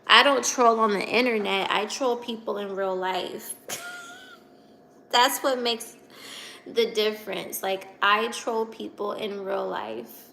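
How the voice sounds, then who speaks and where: A woman's voice: mid-range voice, steady tone, unhurried, creaky, hardly any pauses, sharp tone, slight background noise. A young woman from Virginia hosting a casual livestream, chatty and giggly as she reads out and answers comments. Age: 20s. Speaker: livestream host reading chat.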